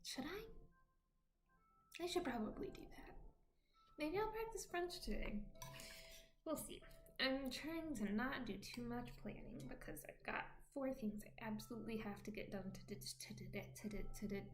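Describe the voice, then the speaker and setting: A woman's voice: on the high side, normal speed, reverberant, a little hiss or hum. A woman chatting casually on a home stream, rambling and often dropping into a whisper. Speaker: vlogger. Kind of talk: casual chat while streaming.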